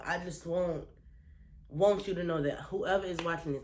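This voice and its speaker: A woman's voice: on the low side, normal speed, darkish tone, reverberant, a little hiss or hum. A woman vlogger giving a blunt, profane, heartfelt motivational talk to her viewers, earnest and close to tears. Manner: emphatic, blunt and profane, repeating phrases for weight; earnest and emotional, holding back tears.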